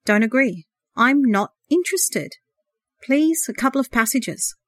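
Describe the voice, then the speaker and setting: A calm, curt young man, quiet and firm as he shuts down the talk, as a woman reading a story voices him. The sound is dry and close. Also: high-pitched, unhurried, dry recording, voice pushed up.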